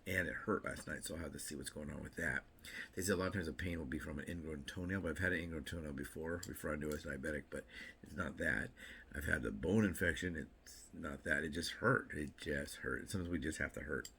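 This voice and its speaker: Male vlogger, low gravelly voice, chatty and meandering, with jokey asides. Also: quick pace, sharp tone, a little hiss or hum. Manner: rambling, chatty, self-interrupting with repeats and fillers; joking asides. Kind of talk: casual morning vlog chat.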